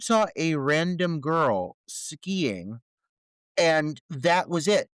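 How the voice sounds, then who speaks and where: Animated, exasperated male podcast co-host. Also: fairly high pitch, very slow, smooth, dry recording. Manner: incredulous, profane, ranting about plot holes. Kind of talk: casual film review chat.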